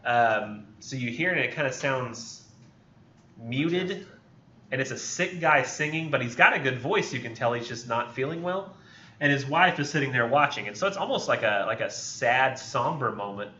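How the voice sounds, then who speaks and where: A male literature instructor with a medium-pitched, bright, forceful voice and lively intonation speaks at normal speed, retelling a story in a casual classroom lecture. His informal delivery is full of fillers like "like" and "um". The recording is dull and lo-fi, with slight background noise.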